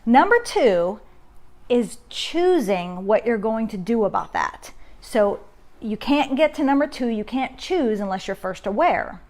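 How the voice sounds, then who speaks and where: A woman in her thirties hosts a casual parenting live stream from her home on a phone camera, talking conversationally and acting out her inner self-talk. Her voice is on the high side, expressive and darkish, at a measured pace.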